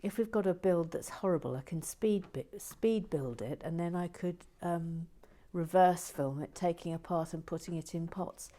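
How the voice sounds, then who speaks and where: A woman hosting a brick-building channel, reading out viewer messages in a playful, sassy, theatrical way with hushed asides. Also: on the low side, moderate pace, few pauses.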